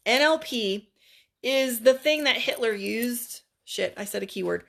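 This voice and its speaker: A woman who works as a life coach, telling a personal story from her couch in a blunt, profane and animated way. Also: a little high, a little slow, creaky. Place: her living room, seated on a couch.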